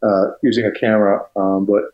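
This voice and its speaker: Older guy on a podcast, low-ish voice, rambly and candid, kinda echoey room. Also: little pitch movement, fairly quick, dull audio. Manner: candid, rambling, swears casually. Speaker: guest, music retail executive. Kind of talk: casual podcast conversation. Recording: roomy echo.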